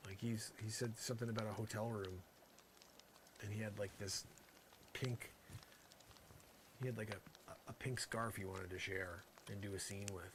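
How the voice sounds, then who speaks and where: A man's voice: on the low side, fairly even intonation, normal speed, long pauses, background noise. A man doing an improvised comedic rant, rambling and sarcastic, swinging between exasperated outbursts and muttered asides. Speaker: comedian performing a character monologue.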